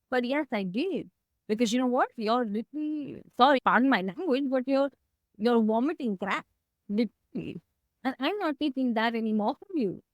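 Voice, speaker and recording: A woman's voice: sits high, dry recording, studio quality. Heartfelt woman, emotional and reflective. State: tearing up. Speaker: guest. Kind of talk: candid personal conversation.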